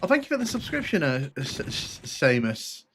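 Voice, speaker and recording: A man's voice: fairly high pitch, wildly swooping pitch, moderate pace, noisy background. A man giving casual, rambling commentary on a live game stream, answering chat with many restarts and fillers.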